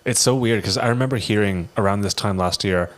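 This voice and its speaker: A man chats as a guest on a casual podcast. His voice sits somewhat low, and he talks frankly, joking and swearing easily. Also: fairly quick.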